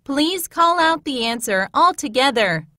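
Woman, teacher-style reader of scripted classroom phrases; high, animated, unhurried, close dry studio sound. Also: no echo. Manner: clear, measured teacher-like delivery. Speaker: narrator reading phrases.

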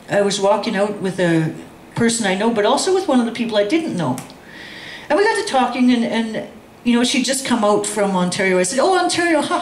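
A woman telling a personal story at a community session, acting out the voices of the people in it and laughing often. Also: medium pitch. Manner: animated, acts out quoted voices, laughs often. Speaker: guest speaker. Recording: echoey room with faint ambient noise.

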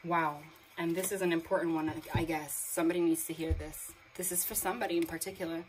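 A woman's voice: fairly low pitch, fairly quick, slight background noise, rough recording. A young woman giving a tarot card reading, emotional and awed, reading card texts aloud, with water sounds from a sound machine in the background. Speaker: tarot reader.

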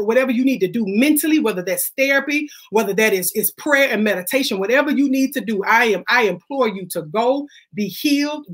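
Woman host, fiery and preachy, slightly high voice, faith-driven monologue. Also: fairly bright tone. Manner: impassioned, preachy, blunt. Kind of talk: casual faith-based monologue.

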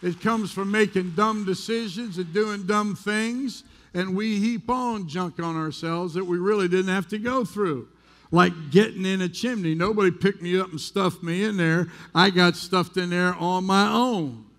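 High-voiced man preaching a sermon. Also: measured pace, fairly bright tone. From United States. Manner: conversational storytelling, candid and self-deprecating. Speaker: pastor. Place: church sanctuary.

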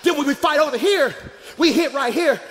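High-voiced pastor in his forties, shouting. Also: lively intonation, moderate pace, long reverb tail, slight background noise. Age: 40s. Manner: shouting, sing-song call-and-response preaching. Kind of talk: live sermon. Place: church sanctuary with congregation.

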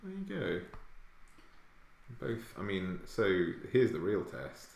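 A man's voice: lowish voice, huge pitch swings, takes it slowly, creaky, a little mellow, echoey room. A man with a posh southern English accent chatting casually while streaming his art, self-mocking and laughing often. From Hampshire, England. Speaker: fantasy artist streaming live. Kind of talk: casual chat while drawing.

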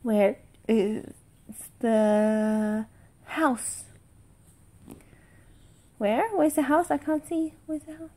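Slow, sing-song mother quizzing her toddler. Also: fairly high pitch, fairly even intonation, darkish tone. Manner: slow sing-song questions, praise and animal noises. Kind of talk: quizzing a toddler with flash cards.

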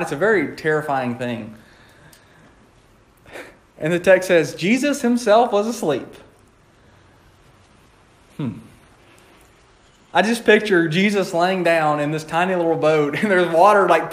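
A man preaching a conversational sermon in a church, playful and laughing often as he acts out quotes. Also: on the high side.

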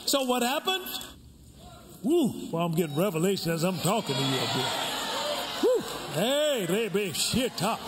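An older man, a pastor, preaching a sermon with call and response and shouting out to the crowd. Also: big pitch swings, moderate pace, long pauses. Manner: swings from shouts to low storytelling asides. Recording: reverberant hall, faint room noise.

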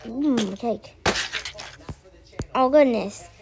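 High, giggly woman hosting a reaction video. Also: very slow. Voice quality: giggly, silly, chatty. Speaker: video host reacting to a lesson. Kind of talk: playful reaction chatter. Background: music.

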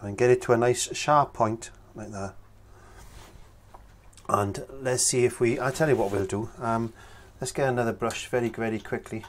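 A man, talking through a painting tutorial in a relaxed, chatty way as he works. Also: mid-range voice, normal speed, slight background noise. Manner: relaxed, chatty, talks while working. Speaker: painting instructor.

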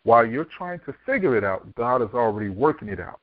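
A podcast guest from Miami, Florida, an author and speaker, tells his life story at a fast, very animated clip in a medium-pitched voice. He vividly voices the people he quotes. The audio is dry and tinny, like a phone line.

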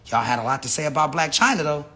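A man's voice: a little high, lively intonation, quick pace, bright, forceful tone. An American man ranting on a casual phone livestream, rambling with lots of slang, profanity and restarts. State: says he is high. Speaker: live streamer. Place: indoor room with a big screen.

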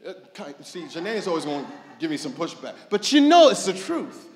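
A male pastor preaching an animated sermon, telling stories, mimicking people and shouting for emphasis. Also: high-pitched, brisk. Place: church sanctuary. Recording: echoey church hall.

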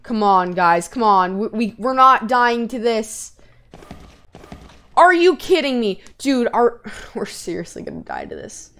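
A woman hosting a let's-play video, talking excitedly and yelping when scared, into a close gaming mic. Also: fairly high pitch. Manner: excitable, jumps from scared yelps to quick chatter.

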